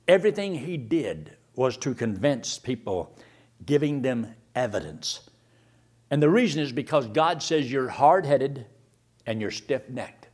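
Guy preaching a sermon, voice jumps up and down a lot, fires off questions. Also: medium pitch. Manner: asks rapid rhetorical questions, reads scripture aloud.

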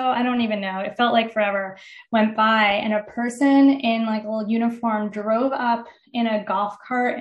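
A woman's voice: fairly high pitch, roomy sound. A middle-aged woman, a podcast guest, telling a personal story earnestly with many fillers. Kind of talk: storytelling in an interview.

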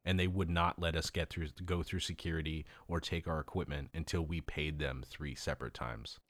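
A man's voice: very deep voice, steady tone, normal speed, a bit bright, no echo. A man from Los Angeles in loose, profane casual chat, rambling and laughing often.

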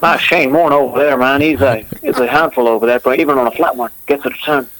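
A man's voice: mid-range voice, quick pace, crowd noise, close to an everyday voice, poor audio. A man putting on an Australian accent to play a laid-back bloke bantering about cricket. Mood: jokey. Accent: Australian, put on.

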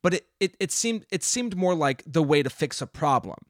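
A man's voice: a little high, lively intonation, normal speed, dry recording. Man, podcast co-host, casual film chat, rambling, restarts, dry sound. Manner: rambling, restarts, many "like" and "you know".

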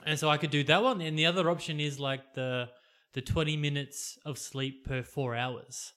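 Earnest bright-voiced man. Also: a little high, fairly even intonation, normal speed. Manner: earnest, explaining with fillers. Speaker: podcast co-host. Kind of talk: casual chat.

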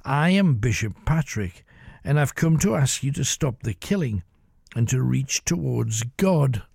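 A man voicing a calm, grey-bearded old bishop who speaks solemnly and steadily in a told tale. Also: medium pitch, measured pace, vocal fry, breathy edge, no echo, clean studio sound, full character voice.

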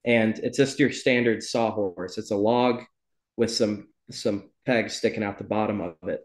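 A man's voice: fairly low pitch, measured pace. Man chatting loosely in a roomy space. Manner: loose and rambling, many ums and self-corrections. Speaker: podcast host. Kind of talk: casual book club chat. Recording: roomy echo.

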